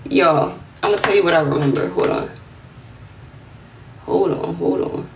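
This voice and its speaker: A woman in her twenties with a New York accent, telling a story on a phone livestream in a lively, slangy way and acting out the other voices. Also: on the low side, moderate pace, vocal fry. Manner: animated, slangy, acts out quotes in a raised voice. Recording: roomy, slightly distant phone audio with faint room noise.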